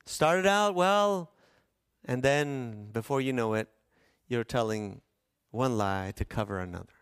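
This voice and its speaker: A man's voice: mid-range voice, lively intonation, unhurried, fairly bright tone, smooth, no echo, clean studio sound. A man preaching a sermon, retelling a scripture story with playful asides and questions to the congregation. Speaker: pastor.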